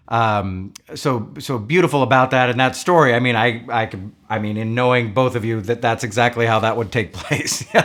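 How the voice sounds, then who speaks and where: A man's voice: mid-range voice, fairly bright tone. Older male host, affirming. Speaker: podcast host. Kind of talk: conversational interview.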